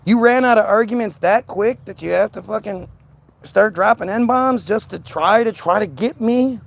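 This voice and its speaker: A man's voice: high voice, unhurried, vocal fry, dry recording. A man ranting into the camera in a heated, profane monologue, stammering and repeating words. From United States. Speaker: vlogger.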